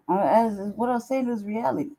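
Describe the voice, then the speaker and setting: A woman's voice: fairly high pitch, fast talker, creaky, warm tone, low-quality recording. A woman chatting casually on her own stream, teasing, laughing often and swearing freely. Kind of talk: casual chat.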